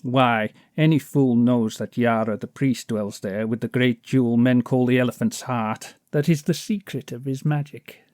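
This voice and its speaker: A man reading an audiobook, voicing a fat, boastful male kidnapper who talks loudly and mocks his listener. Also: mid-range voice, steady tone, moderate pace, hardly any pauses, no room sound, studio quality, lightly acted. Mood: jeering. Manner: blustering, mocking, self-important.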